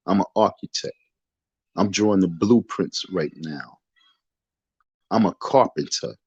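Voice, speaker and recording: In a dark bedroom, a man hosts a livestream, launching into a casual, preachy rant into his phone that sounds defiant, repetitive and sermon-like. His voice is low and slightly rough, captured with no room sound and the highs cut off.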